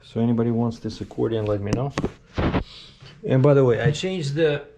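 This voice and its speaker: A man's voice: mid-range voice, moderate pace, noisy background. A man talking casually to the camera in a rambling vlog, full of fillers and self-corrections. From Russia. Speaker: trucker vlogger.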